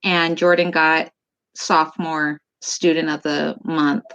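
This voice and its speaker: Animated mom telling family stories. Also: female voice, low voice, takes it slowly, highs cut off. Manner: warm, animated storytelling with laughs. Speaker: guest, mother of two. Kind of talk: casual interview chat.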